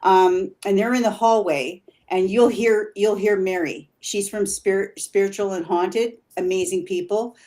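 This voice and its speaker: A woman's voice: medium pitch, fairly even intonation, a little slow, few pauses, dark tone. Chatty woman paranormal investigator. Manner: rambling, eager, laughs often. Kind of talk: casual chat on a live stream.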